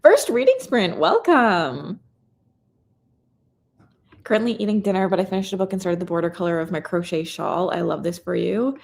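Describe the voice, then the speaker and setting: A woman's voice: on the low side, expressive, normal speed, vocal fry, a little mellow. Bubbly Canadian woman chatting on a livestream. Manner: bubbly, chatty, reads viewer comments aloud. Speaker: booktuber reading chat host. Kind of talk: casual live-stream chat reading comments.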